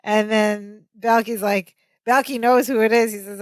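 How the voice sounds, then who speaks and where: A woman's voice: medium pitch, fairly even intonation, unhurried, dry recording. A woman co-hosting a podcast, chatting casually as she recaps a sitcom episode and quotes the characters. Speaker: podcast co-host.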